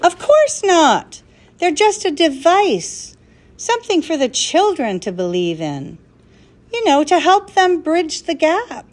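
A woman's voice: very high voice, sing-song, takes it slowly, voice pushed up, exaggerated voice. A woman voicing a flustered, worried old male professor who talks anxiously and with exasperation in a storybook reading. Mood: exasperated.

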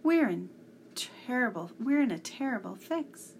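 A woman's voice: fairly high pitch, big pitch swings, measured pace, creaky, slight background noise, voice pushed up, full character voice. A woman doing an eager young boy. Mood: earnest. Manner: eager, urgent exclamations. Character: excited young boy explorer.

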